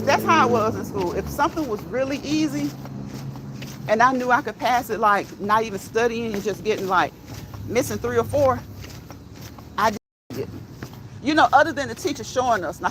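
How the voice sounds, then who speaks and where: A woman's voice: a little high, fairly bright tone, slight background noise, rough recording. A woman hosting a walking vlog, chatting casually and often checking in with "okay?" and laughing. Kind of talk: casual chat while walking. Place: outdoors on a walk.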